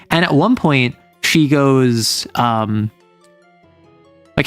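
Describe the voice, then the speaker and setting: A man's voice: fairly high pitch, animated, takes it slowly, pauses often, a bit bright, smooth, no echo, faint music behind. A man streaming from home, casually retelling his tabletop game session in a rambling way full of fillers and self-corrections.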